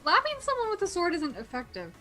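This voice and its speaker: A woman's voice: very high-pitched, huge pitch swings, fast talker, pushed and bright, faint music behind, low-quality recording. A woman in casual chat with gaming friends, teasing them and laughing along.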